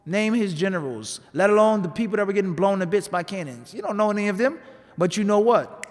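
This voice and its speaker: A man's voice: high-pitched, animated, fairly quick, long reverb tail, faint music behind. A man giving a sermon, telling a story in a conversational way and tossing rhetorical questions to the audience. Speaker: imam giving a talk. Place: mosque hall.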